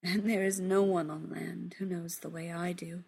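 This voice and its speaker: A woman voicing a middle-aged queen who was once a mermaid, quiet and pleading, in a storybook reading. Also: on the low side, little pitch movement, moderate pace, gravelly, slightly rough. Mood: wistful.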